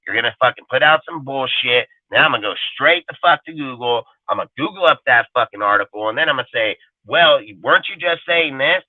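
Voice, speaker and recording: A man's voice: medium pitch, no room sound. A man hosting a fan show, ranting aggressively and swearing nonstop in a heated way. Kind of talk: profane fan rant. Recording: tinny phone-like audio.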